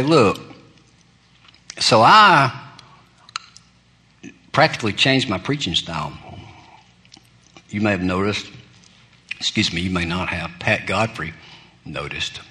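A man's voice: on the low side, bright, forceful tone. A male pastor telling humorous stories in a sermon, folksy and self-deprecating, laughing at his own jokes.

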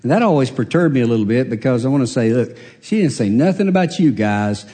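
A man's voice: mid-range voice, lively intonation, quick pace, mellow. A man preaching a sermon as a pastor, telling a story and acting out the voices of the people in it. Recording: long reverb of a large hall.

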